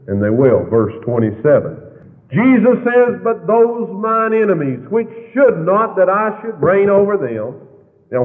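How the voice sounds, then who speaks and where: A man preaching a fiery sermon, with sudden loud, high swings in his delivery. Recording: tinny, lo-fi recording in a long-echo hall.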